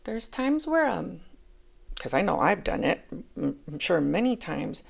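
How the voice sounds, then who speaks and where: A woman's voice: lowish voice, sing-song, a little slow, gravelly. A woman giving a casual tarot reading, talking chattily and calling her viewers angels. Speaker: tarot reader.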